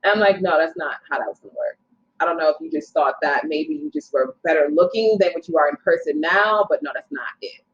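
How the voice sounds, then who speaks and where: A young woman casually telling a long personal story as a podcast guest, animated and acting out what people said. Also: low voice. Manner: animated, quotes people in her story, quick asides. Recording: slightly dull lo-fi sound.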